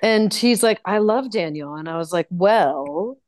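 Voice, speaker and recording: A woman's voice: lowish voice, expressive, a little slow, no echo, studio quality. A woman guest on a podcast, chatting casually, laughing easily and acting out conversations as she tells a story. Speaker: guest musician.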